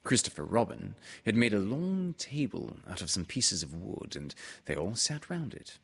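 A man reading a children's storybook aloud, unhurried and expressive. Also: lowish voice, vocal fry, husky. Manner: slow, expressive read-aloud.

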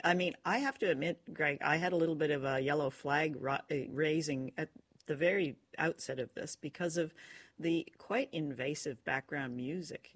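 A woman co-hosting a podcast, chatting casually in an animated way. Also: sits low, husky. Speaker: podcast co-host. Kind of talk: casual chat.

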